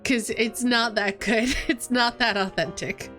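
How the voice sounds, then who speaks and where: A woman's voice: a little high, steady tone, a little slow, a bit bright, faint music behind. A woman streaming a game, making playful, joking asides. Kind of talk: let's play commentary.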